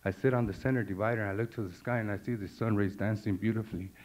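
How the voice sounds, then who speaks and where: A man's voice: on the low side, fairly even intonation, very fast, darkish tone. A middle-aged man telling a raw personal story full of street slang and profanity. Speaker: speaker sharing his testimony. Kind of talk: personal story told to an audience. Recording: dull lo-fi recording.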